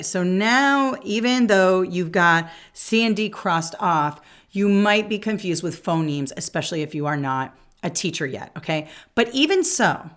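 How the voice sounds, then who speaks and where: A woman with a somewhat low voice explains exam questions step by step. She sounds like a coaching tutor, often stopping to check in with "okay?" as she rules out answers. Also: a bit bright. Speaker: test prep instructor.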